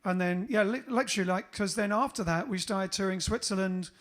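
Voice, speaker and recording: A man's voice: high voice, brisk, a bit bright. A man with a Cockney-Essex accent, hosting a casual livestream chat as a band frontman, rambling with many fillers. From England.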